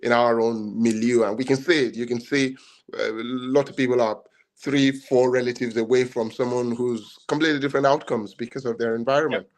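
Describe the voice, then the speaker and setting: A man's voice: mid-range voice, steady tone, a little fast. A man, co-hosting a podcast debate and talking in long, rambling turns full of restarts. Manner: rambling, many restarts and fillers. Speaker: podcast co-host. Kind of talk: casual debate chat.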